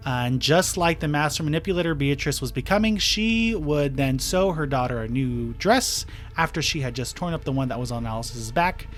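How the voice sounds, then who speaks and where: A man's voice: on the high side, lively intonation, moderate pace, a bit bright, faint music behind. A man co-hosting a podcast, casually retelling a true-crime case with fillers and restarts. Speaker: podcast co-host.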